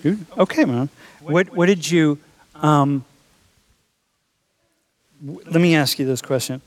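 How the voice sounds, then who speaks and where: In a lecture classroom, a college instructor with a slightly high voice takes his time. He teaches in a joking, laid-back way and addresses students as dude and bro.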